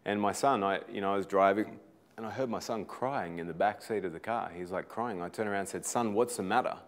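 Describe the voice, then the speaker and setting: A man's voice: low-pitched, a little fast. A middle-aged Australian man giving an earnest, inspirational talk, telling personal stories and sometimes repeating words as he builds toward emphatic points. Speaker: motivational speaker.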